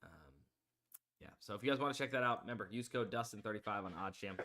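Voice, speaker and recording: The host of this live sports betting stream is a man whose low-leaning voice comes out quick, pushed, and bright. He chats loosely with many fillers, reading the odds and pushing promo codes.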